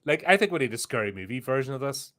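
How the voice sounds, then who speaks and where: A man with a mid-pitched, everyday voice co-hosts a horror podcast. He chats in a wry, easygoing way and likes to tell things at length. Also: animated, fast, fairly bright tone. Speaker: podcast co-host. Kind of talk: casual chat.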